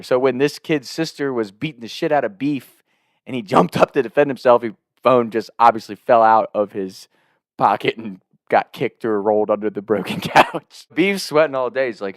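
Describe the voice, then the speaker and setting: A young man telling a funny story casually, laughing often and acting out the other people loudly. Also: medium pitch, quick pace, dry recording, clean studio sound. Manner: animated, laughing, acts out voices loudly. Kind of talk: casual anecdote.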